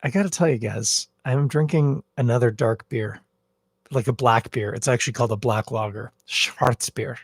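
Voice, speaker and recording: Sitting at home in his bathrobe, a man hosts a relaxed podcast livestream, wandering through topics with jokes at his own expense. He speaks at medium pitch and moderate pace with a husky tone, and the wired headphones and phone camera yield a dry, clean studio sound.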